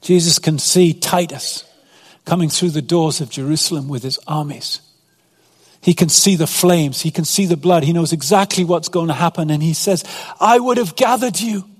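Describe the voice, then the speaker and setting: A man's voice: fairly high pitch, steady tone, normal speed, slightly rough, big-room sound. A man preaching an earnest sermon as pastor, reading scripture aloud between his own points.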